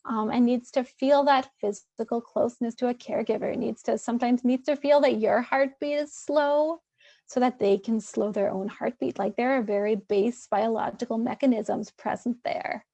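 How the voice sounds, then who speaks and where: A woman's voice: on the high side, fairly even intonation, moderate pace, gravelly, mellow, dry recording. A woman therapist presenting a webinar in a loose, conversational way, with many fillers and restarts.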